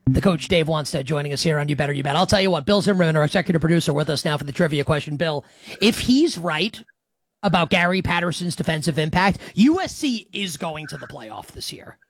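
A man's voice: a little high, animated, quick pace, husky, no room sound. A man hosting a sports betting talk show, chatty and teasing, often restarting his sentences. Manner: chatty, teasing, self-correcting. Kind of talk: casual sports talk radio.

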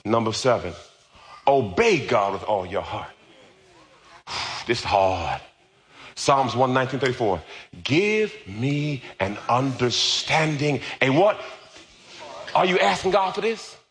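A man preaching a sermon, telling a personal story and rising to shouted, laughing praise. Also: medium pitch, expressive, unhurried, pauses often. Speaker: pastor.

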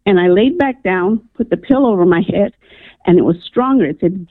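A woman's voice: medium pitch, animated, fairly quick, no echo. A woman calling in to a radio show and earnestly telling a personal story, with lots of "um" and "I'm like.". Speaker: radio caller. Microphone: telephone. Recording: tinny phone line, dry.

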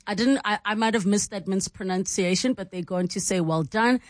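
A woman's voice: medium pitch, steady tone, a little fast, dry recording. A woman from South Africa hosting a conversation, asking questions in a casual way with fillers. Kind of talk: studio conversation.

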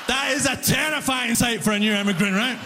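A young man who moved to Toronto, doing a stand-up comedy set and telling an animated story with acted-out voices. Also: extremely high pitch, brisk, a crowd in the background, noisy background. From immigrant living in Toronto. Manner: animated storytelling, acts out quoted voices, laughs often. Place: comedy venue with audience. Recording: live hall reverb, faint ambience.

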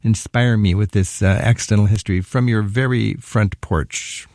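A man's voice: lowish voice, steady tone, normal speed, a little mellow, no room sound, studio quality. A man hosting a radio travel interview, chatty and enthusiastic, with frequent fillers. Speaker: radio travel show host.

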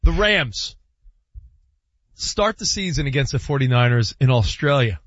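A man on a sports talk show, animated, laughing and arguing his point. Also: medium pitch, measured pace, no echo, dull audio.

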